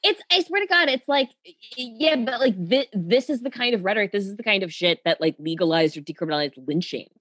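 A woman talking as a podcast guest in casual chat, animated and emphatic, swearing freely. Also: mid-range voice, fast.

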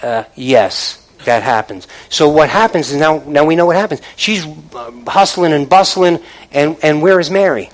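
A man's voice: fairly high pitch, normal speed, low-quality recording. Conversational male pastor preaching. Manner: conversational preaching with call-outs to the congregation. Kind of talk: sermon. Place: church, from the pulpit.

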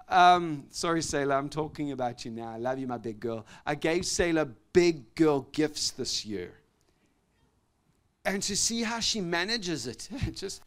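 A man preaching a sermon as pastor, animated, swinging between loud exclamations and soft confiding tones, often laughing between phrases. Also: a little high, measured pace.

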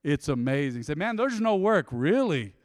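Give me an emotive male pastor delivering a sermon in a high, bright voice. He preaches with energy, jumping from loud bursts to hushed asides. The voice sounds close and dry, with a long hall reverb trailing behind it. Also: moderate pace. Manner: energetic, emotive, swinging between loud and soft.

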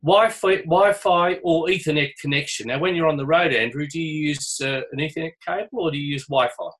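A man on a video call who thanks the panel and asks a quick question about his internet connection. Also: fairly high pitch, fairly bright tone. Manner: grateful, quick. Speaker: participant asking a question. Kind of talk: webinar question.

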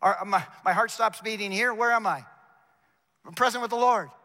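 In a university chapel, a male preacher delivers a sermon in a high, bright, forceful voice at a moderate pace. His ringing delivery is emphatic and direct: he repeats words and speaks straight to the congregation. The recording carries the long reverb of the large, echoing hall.

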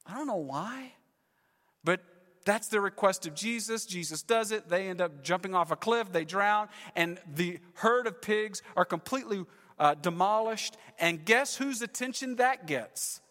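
A man pastor preaching a sermon with dramatic storytelling, swinging between loud passages and hushed ones. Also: high voice, lively intonation, unhurried, big-room sound.

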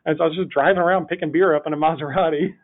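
Fast-talking man on a tinny line. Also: a little high. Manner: animated rambling storytelling, full of "like". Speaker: podcast guest, city project manager. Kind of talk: telling a funny anecdote in a podcast interview. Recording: tinny phone-line audio.

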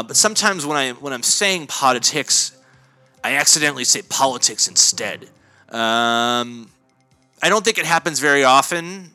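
A comedy podcast host with a higher-pitched voice delivers a deadpan, mock-pompous monologue. It rambles along, full of fillers and self-corrections.

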